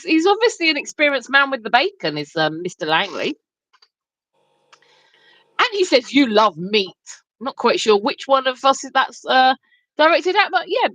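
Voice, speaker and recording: A high-pitched woman co-hosts a home livestream, her voice swinging up and down as she banters. She reads viewer comments aloud with a cheeky, chatty manner, and the sound is dry and close. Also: a bit bright, dry recording, low-quality recording. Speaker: livestream co-host. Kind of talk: casual chat reading viewer comments. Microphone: home livestream setup.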